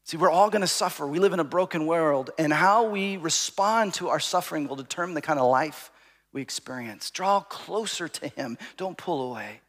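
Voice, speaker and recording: Man, pastor, sermon, high voice, long hall reverb, storytelling with loud call-outs and soft asides. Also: normal speed. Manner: storytelling, rising to shouts and dropping to hushed asides.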